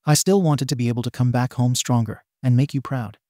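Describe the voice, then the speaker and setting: A man's voice: mid-range voice, fairly even intonation, fairly quick, mellow, no room sound, clean studio sound, natural voice. A man voicing a bitter, scarred young male villain confronting his father in a fan fiction reading, menacing and accusing.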